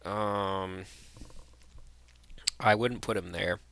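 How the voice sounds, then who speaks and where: A man's voice: deep voice, steady tone, extremely slow, vocal fry, pushed and bright. A young man giving blunt, rambling tier-list commentary, full of fillers and restarts. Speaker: vlogger.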